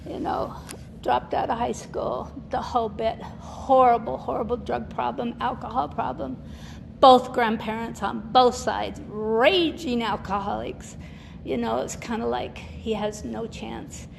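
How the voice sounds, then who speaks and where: An older woman, a guest speaker at a recovery meeting, gives a candid, emotional personal testimony, laughing often and mimicking the voices of people she quotes. Her voice is fairly high, creaky, evenly intoned, and unhurried. The meeting hall is reverberant, with faint noise.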